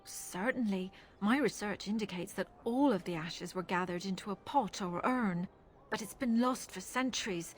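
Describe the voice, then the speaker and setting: A woman voicing a pious, thoughtful chantry relic curator in a fantasy video game, speaking in an earnest, measured way with an Irish accent. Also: mid-range voice, close to an everyday voice.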